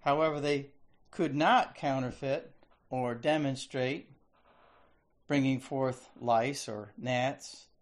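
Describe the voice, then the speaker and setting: A man's voice: medium pitch, fairly even intonation. A man preaching a sermon, reading scripture aloud and explaining it. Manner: slow, deliberate delivery.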